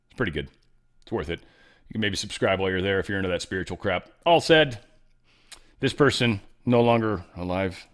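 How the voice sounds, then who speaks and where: A man's voice: low-pitched, a little fast. A middle-aged man hosting a talk show, giving rambling, sarcastic commentary with offhand asides. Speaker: show host. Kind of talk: casual news commentary.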